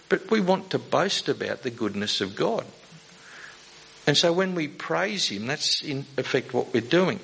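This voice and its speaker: A man's voice: mid-range voice, creaky, fairly bright tone, poor audio. A man giving a sermon in a conversational way, often asking the congregation rhetorical questions. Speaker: preacher.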